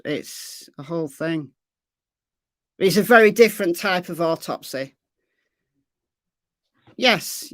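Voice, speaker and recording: A woman's voice: low-pitched, no echo, clean studio sound. A woman from Lancashire with a Lancashire accent, hosting a casual true crime livestream and answering viewers' chat, often repeating her phrases. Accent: Lancashire English. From Lancashire, England. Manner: chatty, repeats phrases, reads chat aloud.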